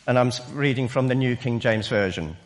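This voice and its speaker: A man preaching a sermon in a church, slow and emphatic, with halting restarts. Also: mid-range voice. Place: church hall. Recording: long reverb in a hall.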